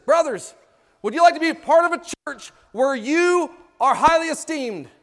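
High-pitched guy preaching hard, loud then hushed, church hall echo ringing long. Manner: impassioned, swinging between loud pleading and hushed intimate asides; rhetorical questions to the congregation. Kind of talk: sermon.

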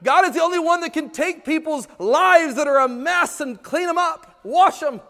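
A man preaching a sermon with passion, swinging between loud pleading and hushed asides, and asking the congregation rhetorical questions. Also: very high voice, moderate pace. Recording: long reverb of a church hall.

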